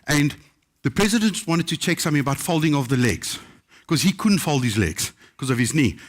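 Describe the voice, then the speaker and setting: A middle-aged man from South Africa, a chef telling lively, humorous stories to a live audience. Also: fairly high pitch, fairly quick. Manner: lively, humorous, mimics other people's voices in quotes. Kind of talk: live anecdotal storytelling to an audience.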